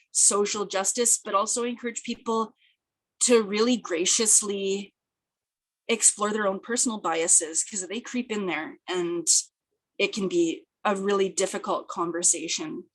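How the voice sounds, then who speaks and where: A speaker, giving an earnest, thoughtful webinar presentation over a video call, slightly hoarse and often restarting phrases. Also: female voice, mid-range voice, a bit bright. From British Columbia, Canada. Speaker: peer project coordinator and presenter. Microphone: video call, camera off.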